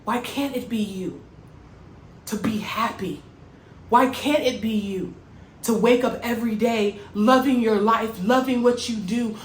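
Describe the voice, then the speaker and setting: A woman hosting a motivational spiritual talk, earnest and emphatic with repeated phrases. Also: fairly high pitch. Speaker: host. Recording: echoey room, faint music.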